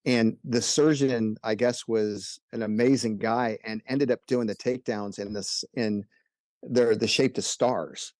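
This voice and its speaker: A man's voice: on the low side, fairly even intonation, a little slow, darkish tone, no echo. A middle-aged man, an emergency physician and podcast guest, telling stories in a laid-back, chuckling way. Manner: laid-back anecdotal delivery, chuckles often. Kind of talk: casual podcast storytelling.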